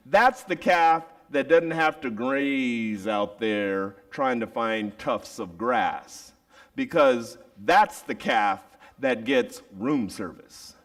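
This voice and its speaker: A male preacher tells a story in a slow, theatrical sermon. His lively voice rises and falls widely, and he punctuates the story with sound effects. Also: medium pitch, recorded from a distance.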